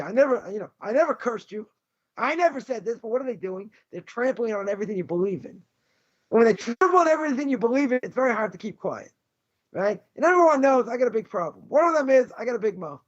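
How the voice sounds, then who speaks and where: A rabbi giving a Torah lecture, blunt, combative and sarcastic. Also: male voice, extremely high pitch. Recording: dull lo-fi recording.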